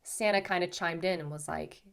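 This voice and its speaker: A woman host casually recounting a spiritual experience to her viewers, chatty and animated, often saying "like" and "okay". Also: lowish voice, normal speed, vocal fry, clean tone. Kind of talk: casual storytelling to camera.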